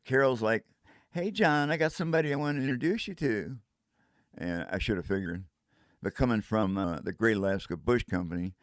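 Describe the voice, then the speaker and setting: A man's voice: fairly low pitch, dry recording, clean studio sound. An older man telling a casual first-person story in a rambling way, breaking into vocal sound effects.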